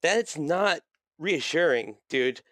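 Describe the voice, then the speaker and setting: A man's voice: on the high side, animated, slow pace, a bit bright, dry recording, clean studio sound. A man giving mocking, rambling commentary over a prank call video.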